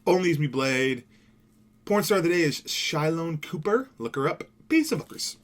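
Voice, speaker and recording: A man's voice: fairly high pitch, lively intonation, moderate pace. A young man from Seattle giving casual gameplay commentary as a gaming YouTuber, rambling and laid-back, swearing now and then. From Seattle, USA.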